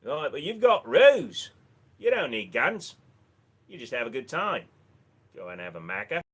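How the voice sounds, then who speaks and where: A man's voice: medium pitch, very animated, a little slow, a bit bright, husky, exaggerated voice. A man putting on a mock Australian accent as a laid-back, teasing Australian guy.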